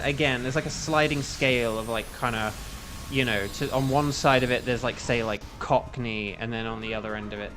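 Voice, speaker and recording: A young English man chatting casually with his stream chat while playing a game, rambling and humming to himself between moves. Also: mid-range voice. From England. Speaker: gaming streamer.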